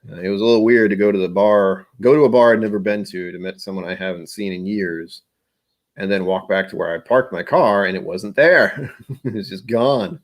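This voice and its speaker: A man hosting a casual livestream, chatting and rambling, often trailing off into quiet asides. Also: fairly low pitch, brisk. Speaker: livestream host.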